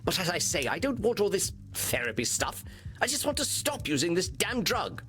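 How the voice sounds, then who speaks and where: Game role: a grand, melodramatic centuries-old vampire scientist, lively swooping delivery, faint music behind. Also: male voice, high-pitched, moderate pace, full character voice. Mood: weary. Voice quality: theatrical, haughty. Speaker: patient in a video game. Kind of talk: video game voice acting.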